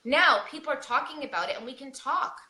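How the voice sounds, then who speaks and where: A woman with a bright, ringing voice speaks a little higher than most. She talks earnestly and pleads with repeated questions, and her voice carries some room echo. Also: lively intonation, a little fast. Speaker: podcast guest. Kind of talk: emotional personal storytelling.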